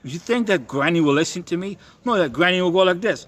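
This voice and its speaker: A man's voice: sits high, expressive, a little fast. Profane, stammering young man ranting. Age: young adult. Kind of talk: ranting monologue.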